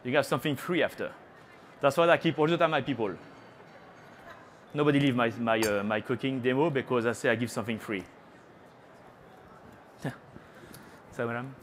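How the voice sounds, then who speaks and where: A French-accented chef talks his way through a live cooking demo, chatty and teasing, dropping little French phrases between steps. His voice sits at an ordinary middle pitch for a man. A faint hum of show-floor ambience hangs behind him. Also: normal speed, pauses often. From France. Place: trade show cooking stage.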